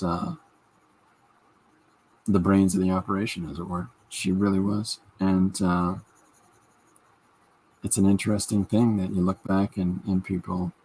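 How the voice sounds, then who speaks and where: A man's voice: sits low, mellow, a little hiss or hum. A man in his fifties hosting a podcast, chatting in a rambling way and reading out viewer comments. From Canada. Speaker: podcast host. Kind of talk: casual livestream chat.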